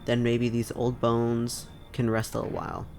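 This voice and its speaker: A man's voice: medium pitch, completely flat delivery, normal speed, vocal fry, darkish tone, soft background music, close to an everyday voice. A man voicing a nosy, folksy old woman while reading game dialogue aloud. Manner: old-fashioned folksy phrasing.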